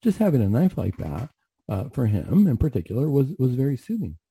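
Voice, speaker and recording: A man's voice: medium pitch, big pitch swings, fairly quick, warm tone, husky, no echo. A man, a mental health clinician, telling a story on the radio in an earnest, reflective way with frequent restarts.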